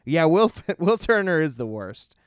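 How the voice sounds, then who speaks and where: A man's voice: on the high side, unhurried, smooth, no echo, clean studio sound. A man chatting casually about movies with a friend, joking and laughing often. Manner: animated, laughs often, jokey.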